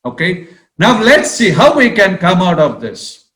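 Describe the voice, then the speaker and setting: A priest tells a story in his sermon and stops often with "okay" and "uh". His voice sits high and moves at an unhurried pace. The room around him rings with echo. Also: sing-song, a bit bright. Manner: slow, repeats "okay" and "uh", acts out quoted voices.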